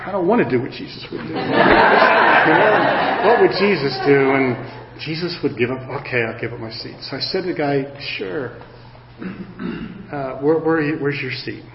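A man in his sixties preaching a sermon, telling a personal story in an animated, self-mocking way. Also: medium pitch, normal speed, vocal fry, noisy background. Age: 60s. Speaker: pastor. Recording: roomy hall, dull lo-fi sound.

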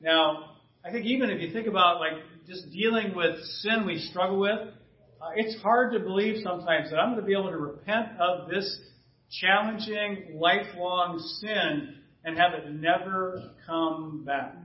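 A man preaching a sermon as pastor, conversational and often clearing his throat. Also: high-pitched, a little slow. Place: church sanctuary. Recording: distant roomy church recording, dull sound.

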